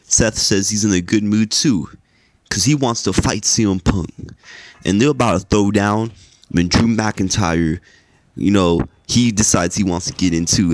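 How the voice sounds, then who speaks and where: A man's voice: deep voice, no room sound. A young man hosting a podcast, giving a casual, rambling recap of wrestling in a sleepy, laid-back way with lots of filler words and swearing. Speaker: podcast host.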